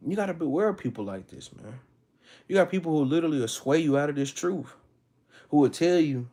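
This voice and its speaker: A man leading a casual Bible study class, mixing laid-back slang with slow, emphatic scripture reading. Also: medium pitch, animated, mellow. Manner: laid-back slangy talk, calls listeners "man" and "sis"; reads verses aloud with slow emphasis.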